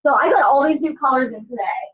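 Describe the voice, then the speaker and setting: A woman's voice: high-pitched, fast talker, highs cut off, background noise. A woman leading a casual motivational call for her sales team, blunt and swearing as she gives tough love.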